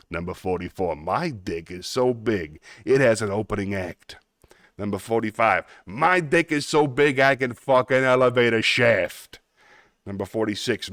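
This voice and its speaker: A man's voice: medium pitch, dry recording, clean studio sound. A man doing a brash Brooklyn tough guy. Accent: Brooklyn put-on. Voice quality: loud, drawn-out punchy delivery. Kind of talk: reading jokes in a comic voice.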